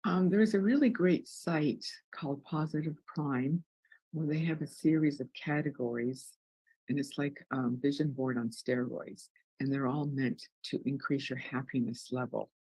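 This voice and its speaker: Upbeat wellness guest with a husky voice. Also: medium pitch, fairly even intonation, moderate pace, a little mellow, dry recording, rough recording. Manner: upbeat, jokey, restarts words. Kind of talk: interview.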